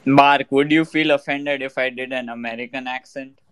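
A man in a casual online voice chat, relaxed and easygoing, often calling people "dude". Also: medium pitch, moderate pace, clear, resonant tone, no room sound. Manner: laid-back, says "dude" a lot. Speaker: guest on a crypto talk space.

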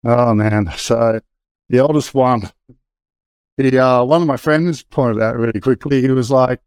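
A middle-aged man with a mid-range, slightly mellow, clean-toned voice speaks at a measured pace on a dry recording. As an interview guest, he tells his story frankly and casually, with many hesitations and restarts.

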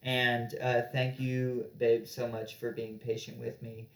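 A man's voice: mid-range voice, measured pace. Male podcast co-host, casual and echoey. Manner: relaxed, joking, with many fillers.

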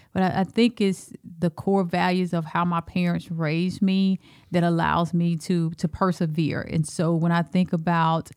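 A woman's voice: lowish voice, a little mellow, dry recording, clean studio sound. A woman with a Southern Alabama accent, a school superintendent speaking earnestly as a podcast guest. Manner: earnest, measured storytelling. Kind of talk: podcast interview.

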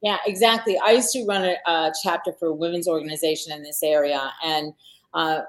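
A woman's voice: deep voice, fairly even intonation, brisk. A middle-aged woman from Long Island, chatting as a podcast guest and telling stories with frequent fillers and restarts. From Long Island, New York. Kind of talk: casual conversation.

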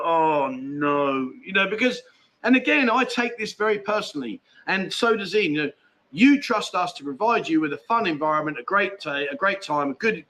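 A man's voice: high voice, bright, forceful tone. A man hosting a casual live stream, chatting and bantering with viewers and his co-host. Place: indoors at family home.

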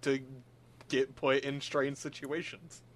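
A man's voice: medium pitch, flat delivery, takes it slowly. A man on a casual group podcast, joking and playful. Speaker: podcast co-host.

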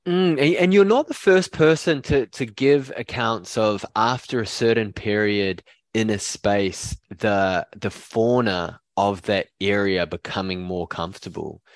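A man interviewing a guest, asking long thoughtful questions with halting restarts. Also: fairly low pitch, dry recording.

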